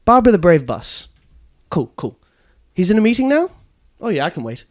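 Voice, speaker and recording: A man's voice: high-pitched, big pitch swings, a little fast. A man voicing a blind, foul-mouthed female bus tour guide in a comedic storytelling podcast. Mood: irritated, scheming. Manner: swings from chirpy guide patter to furious swearing.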